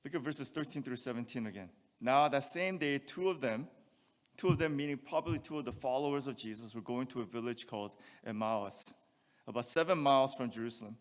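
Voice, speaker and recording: A man's voice: medium pitch, fairly quick, big-room sound. A male pastor preaching a sermon, reading scripture aloud and asking rhetorical questions. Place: church sanctuary.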